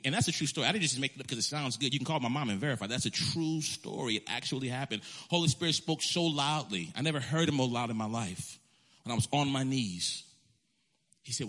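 A man preaching a storytelling sermon as a pastor, animated and emphatic, often restarting his phrases. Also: mid-range voice, quick pace.

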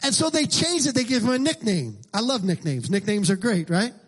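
A middle-aged man preaching a sermon as pastor, emphatic and repetitive, rising into shouted lines. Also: sits high, very animated, a little fast, slightly rough.

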